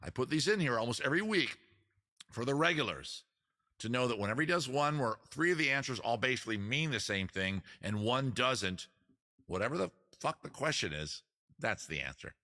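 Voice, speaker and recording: A man's voice: mid-range voice, big pitch swings, brisk, bright, forceful tone. A man hosting a casual live-stream trivia quiz, joking around and teasing the players. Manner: joking, teasing, crude asides. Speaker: host running a trivia quiz.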